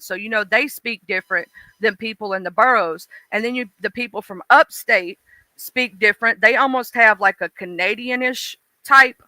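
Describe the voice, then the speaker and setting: A woman's voice: fairly high pitch, sharp tone, no echo. A woman with a mixed Southern accent, chatting casually on a live stream and talking straight to her viewers in a folksy way.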